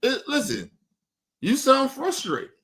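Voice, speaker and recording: A man with a high, bright voice hosts a live stream. He rants bluntly in casual commentary, with plenty of profanity, and his voice keeps jumping higher as he presses his points. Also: takes it slowly. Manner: blunt, profane, animated ranting. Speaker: streamer host.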